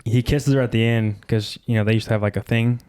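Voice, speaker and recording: A young man co-hosts a casual film-reaction podcast at a brisk clip. His pitch sits in an ordinary middle range. He rambles, restarts sentences and piles on fillers as he argues his point. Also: steady tone, a little mellow, smooth. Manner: quick, rambling, lots of restarts. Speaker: podcast co-host. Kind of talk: casual movie reaction chat.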